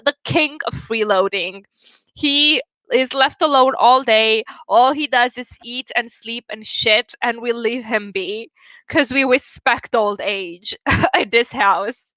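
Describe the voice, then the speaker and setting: Bright-voiced chatty woman streamer. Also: fairly high pitch, measured pace, dry recording. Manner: chatty, giggly, talks to chat viewers. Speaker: livestream host. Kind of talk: casual livestream chat.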